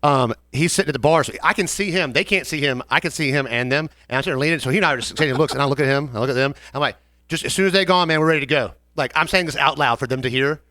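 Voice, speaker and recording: A young man with a Southern American accent talks rapid-fire at a mid-range pitch, barely pausing, in a dry recording. Co-hosting a casual podcast, this bartender tells an animated story from work, acting out customers in quoted voices.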